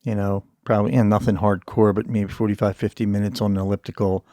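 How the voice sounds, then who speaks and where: A man's voice: on the low side, little pitch movement, quick pace, warm tone, no echo, clean studio sound. A man in his sixties hosting a podcast interview, telling self-mocking stories in a loose, profane way. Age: 60s. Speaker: podcast host. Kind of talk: casual interview chat.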